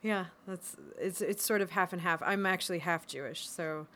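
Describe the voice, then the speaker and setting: A woman's voice: lowish voice, normal speed, a little hiss or hum. A woman with an American accent, an actress being interviewed, talking casually with frequent laughs and ums. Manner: warm, laughs often, many ums. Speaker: actress, guest.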